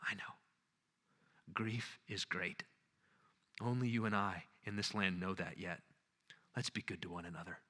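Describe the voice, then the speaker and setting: A man reading aloud in a lecture, voicing a great wise male lion who speaks slowly, gently and gravely. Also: mid-range voice, in a large hall. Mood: tender, hushed. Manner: hushed, slow and tender.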